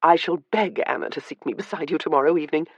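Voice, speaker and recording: A woman's voice: deep voice, fast talker, no echo, muffled recording. A woman voicing Elizabeth, a wry, perceptive noblewoman who teases dryly in an audiobook. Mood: gracious. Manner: dry and teasing. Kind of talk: audiobook character reading.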